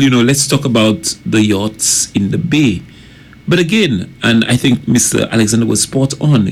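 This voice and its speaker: A man co-hosting a morning radio talk show, speaking in a measured way and stressing discipline and focus. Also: on the low side, gravelly, a little hiss or hum. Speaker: radio co-host.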